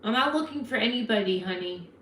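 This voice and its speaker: A woman's voice: a little high, expressive, fast, a bit bright, echoey room, slight background noise. A woman in her fifties with a New Jersey accent, hosting a casual livestream and chatting frankly back to viewer comments. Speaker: livestream host. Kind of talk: casual live chat reading comments.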